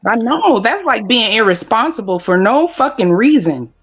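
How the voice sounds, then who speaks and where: A woman talking in a casual chat, telling animated stories and swearing freely. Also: on the high side, moderate pace, breathy edge, dry recording, lo-fi sound. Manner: animated, profane storytelling.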